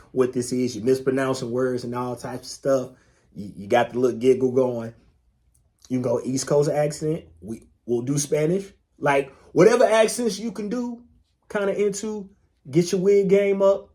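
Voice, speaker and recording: This podcast co-host is a man with a mellow, mid-range voice at a normal speed. In casual chat he's laid-back yet emphatic, swearing freely and repeating phrases to hammer his point home.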